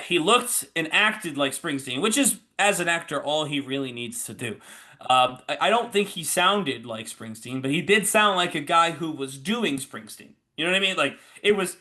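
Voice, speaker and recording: A man co-hosting a podcast in casual chat, animated and opinionated, laughing often as he talks. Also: fairly high pitch, normal speed. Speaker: podcast co-host.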